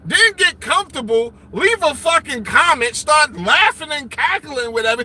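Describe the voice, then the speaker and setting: A man hosting a live stream from his car, ranting loudly with constant swearing and jokes. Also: extremely high pitch, sing-song, normal speed, few pauses, slight background noise. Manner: loud, swearing, joking rants with bursts of laughter. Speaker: livestream host. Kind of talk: profane live-stream rant. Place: sitting alone in his car.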